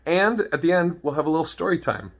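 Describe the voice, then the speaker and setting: A man's voice: on the high side, sing-song, quick pace. A young man telling a story in a laid-back, profane and jokey way as a vlogger. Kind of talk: casual storytelling to camera.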